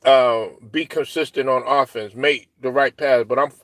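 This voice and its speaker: A man's voice: mid-range voice, normal speed, no echo. A man co-hosting a sports talk show, talking casually with lots of fillers and restarts, swearing and acting out other people's lines. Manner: animated, profane, full of fillers and restarts.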